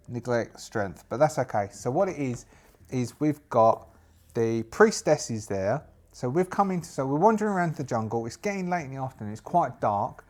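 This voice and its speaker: A man's voice: medium pitch, a little mellow. A man narrating a solo tabletop game as game master, thinking aloud and often restarting his sentences.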